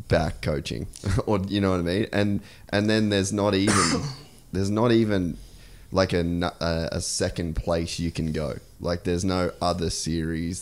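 Deep-voiced man, casual podcast host. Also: clean tone. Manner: short agreeing interjections. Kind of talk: casual chat.

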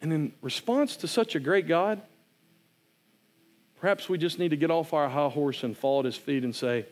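A man's voice: fairly high pitch, normal speed. A man preaching a sermon, retelling a story in an earnest, conversational way. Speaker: pastor.

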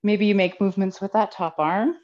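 Cueing poses one step at a time, a female yoga instructor speaks at medium pitch with fairly even intonation and a slightly quick pace. She's a little out of breath in the live class and laughs at her own slips, heard through slightly dull lo-fi sound.

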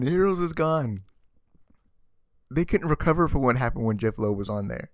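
A man's voice: mid-range voice, lively intonation, measured pace, dry recording, studio quality. A man ranting sarcastically in a casual vlog commentary, exasperated and often stammering and repeating words. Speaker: vlogger. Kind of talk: ranting comic book commentary.

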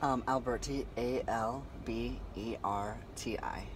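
A man's voice: medium pitch, slow pace. A man vlogging on his phone about getting an oil change, talking anxiously and exclaiming a lot. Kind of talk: casual vlog. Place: in a car and an auto shop. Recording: noisy car and shop background.

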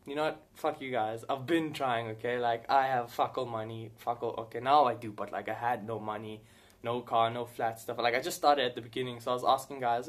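A man talks straight to camera, answering viewer questions in a loose, rambling way. His voice sits at an ordinary middle pitch, and he swears freely and laughs between thoughts. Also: fairly even intonation, a little fast. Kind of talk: casual Q&A chat to camera.

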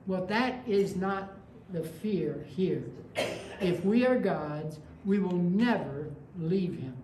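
A woman's voice: fairly low pitch, animated, takes it slowly, mellow, a little hiss or hum. A woman pastor preaching a sermon in a conversational way, with anecdotes and rising emphasis. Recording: echoey room with faint ambience.

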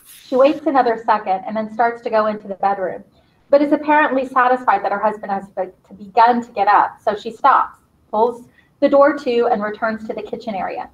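A woman teacher leading her class and reading a play's stage directions aloud in a brisk, encouraging way. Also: a little high. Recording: slightly dull lo-fi sound.

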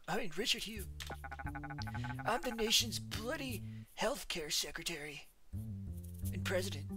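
A woman voicing a pompous, indignant male politician who shouts and blusters in a put-on British-flavored manner. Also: mid-range voice, pitched above the performer's own voice, lightly acted.

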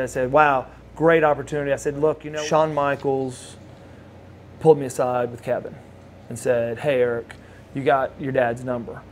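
A man's voice: mid-range voice, slight background noise. A man in his forties, a former wrestler, telling stories in a casual interview and acting out the voices of people he quotes. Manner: animated storyteller acting out quotes. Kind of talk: storytelling shoot interview.

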